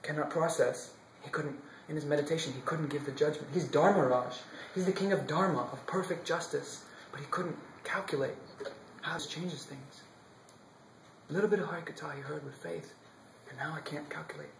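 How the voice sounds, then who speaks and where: A man telling a devotional story expressively, shifting from loud to whispered passages. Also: fairly high pitch, brisk, vocal fry, echoey room, slight background noise, low-quality recording. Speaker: storyteller monk.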